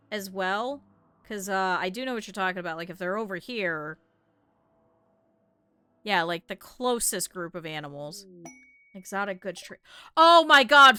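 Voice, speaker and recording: Bright-voiced woman streaming a game. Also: mid-range voice, clear, resonant tone. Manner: swears and complains at the game in bursts. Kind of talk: casual gameplay commentary.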